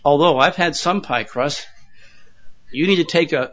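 A man's voice: fairly high pitch, animated, moderate pace, fairly bright tone. An older man preaching a sermon to his congregation in a folksy way, with chuckling asides and repeated words. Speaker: pastor. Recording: dull lo-fi sound.

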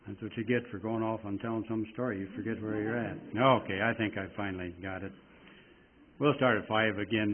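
A man preaching a sermon in a folksy, rambling way, reading scripture slowly with strong emphasis. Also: lowish voice, fairly even intonation. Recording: tinny phone-like sound.

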